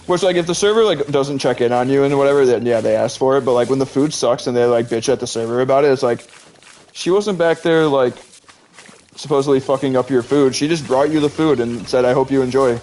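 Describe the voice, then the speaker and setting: A man's voice: mid-range voice, brisk, darkish tone. A man streaming live, chatting casually and rambling with lots of "like" and frequent laughter while he plays a game. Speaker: Twitch streamer. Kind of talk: casual chat while gaming.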